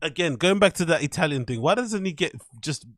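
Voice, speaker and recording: This host's voice is a little high, animated, fairly quick and fairly bright, recorded at studio quality with no echo. He comments casually on online clips, crude and laughing a lot, swearing freely as he chats with live chat viewers.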